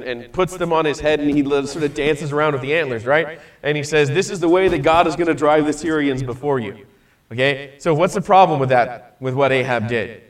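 A man's voice: fairly high pitch, far from the mic. A man teaching a Bible study class in a casual, conversational way, often checking in with "right?" and asking his students questions.

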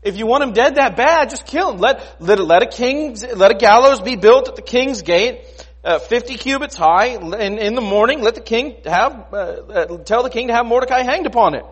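A man voicing a scheming wife who urges a hanging, talking in a rushed, stammering way. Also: very high-pitched, expressive, breathy edge, pitched above the performer's own voice, exaggerated voice. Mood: urgent.

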